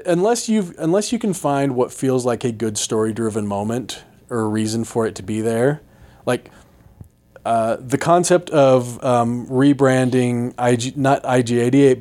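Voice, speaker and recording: A man co-hosting a podcast, talking in an animated, emphatic and opinionated way. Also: mid-range voice, unhurried. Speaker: podcast co-host. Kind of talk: casual chat.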